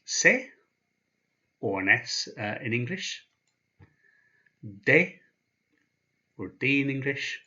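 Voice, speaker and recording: Lively man teaching, bright tone. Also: mid-range voice, moderate pace, hardly any pauses, highs cut off. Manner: patient, spells out each sound. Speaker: language teacher. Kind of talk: explaining slowly, with pauses.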